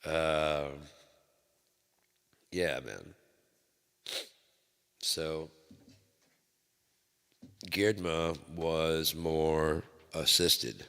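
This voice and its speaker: Very deep-voiced profane rambling man. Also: steady tone, very slow, long pauses, sharp tone, smooth. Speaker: channel host. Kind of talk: rambling solo talk. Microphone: microphone. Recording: long hall reverb.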